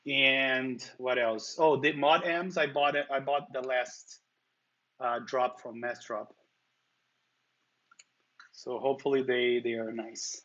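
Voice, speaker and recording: A man's voice: mid-range voice, steady tone, takes it slowly, long pauses, a bit bright, highs cut off. A man from Brazil with a heavy Brazilian Portuguese accent, hosting a livestream and chatting casually, answering viewers' comments. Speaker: livestream host.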